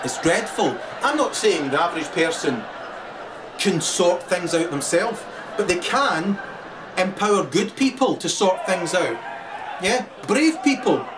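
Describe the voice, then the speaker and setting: A man delivering a profane ranting monologue, often laughing and shouting. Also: high voice, sing-song, measured pace. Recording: distant mic with crowd chatter and noise.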